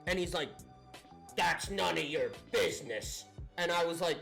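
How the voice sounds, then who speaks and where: A young man recounts a story in a loose, profane vlog style. His voice sits a little high for a man, and he talks with lively energy and frequent laughter. Faint music plays underneath. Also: fairly quick. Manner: profane, animated, laughing retelling. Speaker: storyteller vlogger. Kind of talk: casual storytime.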